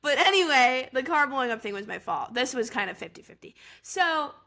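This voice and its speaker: A podcast co-host in her twenties tells a story in casual chat. Her voice sits a little high, with a forceful, bright edge. She talks in a chatty way and fills her sentences with "like.". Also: expressive, brisk. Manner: chatty, full of "like" fillers.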